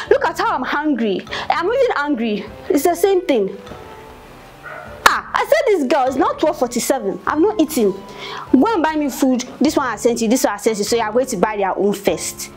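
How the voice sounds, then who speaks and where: A woman's voice: sits high, sing-song, moderate pace, darkish tone, faint music behind. A woman with a Ghanaian accent playing a bossy, gossipy office worker who rants and repeats herself in indignation. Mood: indignant. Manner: indignant, repetitive ranting. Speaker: office colleague. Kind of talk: comic web-series acting.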